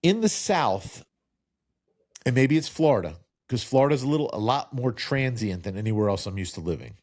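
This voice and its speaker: A talkative man in his fifties with a faint New Jersey accent, hosting a relaxed podcast chat at an ordinary pitch. He rambles through stories and restarts his sentences often. The sound is close and dry, with no room in it. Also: moderate pace, no room sound. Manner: rambling storyteller, many restarts. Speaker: podcast host. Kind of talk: casual interview chat.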